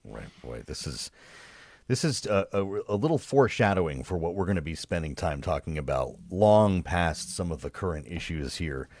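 Male show host, low voice, dry close sound, chatty and quick with a joke. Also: big pitch swings, a little mellow, no echo. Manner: conversational, quipping. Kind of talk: political discussion.

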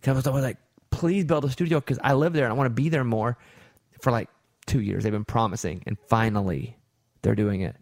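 Southern-accented male host, 40s, mid-pitched, laid-back storyteller who drags out his points. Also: brisk. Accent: Southern, Arkansas. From Arkansas. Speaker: radio show host. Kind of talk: casual studio chat with ad read.

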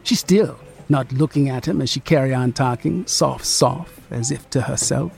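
A narrator reading a literary story in a slow, rhythmic, lingering way. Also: mid-range voice, gravelly, darkish tone, faint music behind.

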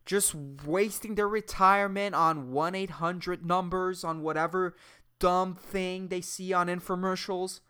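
A woman's voice: on the low side, fairly even intonation, measured pace, fairly bright tone, clean tone. A woman hosting a comedy podcast, rambling with crude slang and frequent laughter. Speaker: podcast host. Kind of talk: casual comedic monologue.

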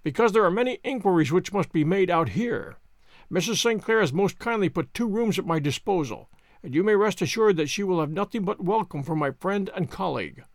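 A man voicing a calm, reserved detective who explains a puzzling case in a measured way. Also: sits high, dry recording, studio quality.

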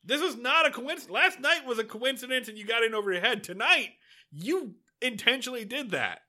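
A man's voice: extremely high pitch, animated, fairly quick, pushed and bright. A man co-hosting a podcast, recapping a TV episode in casual, sardonic chat and swearing freely. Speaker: podcast co-host.

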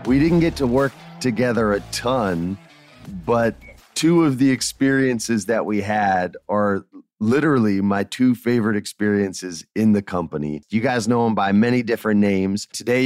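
A man in his forties hosting a podcast, telling stories in a casual, animated way and swearing freely. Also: lowish voice, no room sound, clean studio sound. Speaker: podcast host. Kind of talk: casual interview chat.

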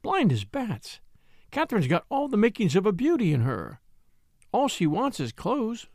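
A man reading an audiobook, voicing an excitable, chatty middle-aged wife with a gushing manner. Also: high-pitched, moderate pace, dry recording, studio quality, pitched above the performer's own voice, heavily acted. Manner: gushing, exclamatory.

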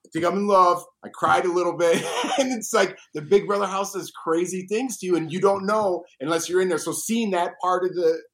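A man chatting casually as a guest, an animated storyteller who acts out quotes. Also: fairly high pitch. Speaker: reality show alum guest. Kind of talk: casual chat.

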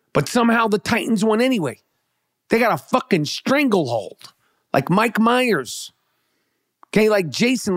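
Brash high-voiced man ranting. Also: no echo, clean studio sound. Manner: brash, swearing, hyped, repetitive. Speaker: sports commentator. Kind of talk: profane fantasy football rant.

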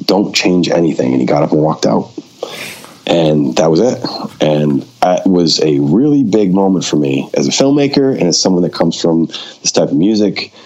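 At a moderate pace, a very low-voiced man shares a casual story as a podcast guest; he's a documentary filmmaker who animatedly performs the dialogue he quotes in a relaxed, chatty way. The sound is muffled and lo-fi, missing its top end.

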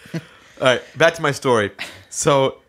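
A young man in casual chat, telling a lively story and acting out the voices of people in it. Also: mid-range voice, measured pace, background noise. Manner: animated, acts out voices in stories.

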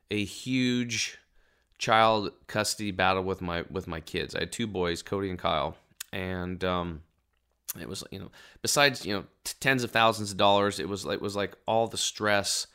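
A man's voice: fairly low pitch, pushed and bright, clean tone. A middle-aged man casually telling an emotional personal story, rambling and acting out the people he quotes.

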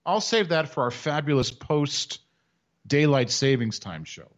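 Male podcast co-host, dry wit, lively swooping delivery, slightly dull lo-fi sound. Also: a little high, measured pace. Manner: wry, animated, slips into mock voices. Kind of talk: casual sports podcast banter.

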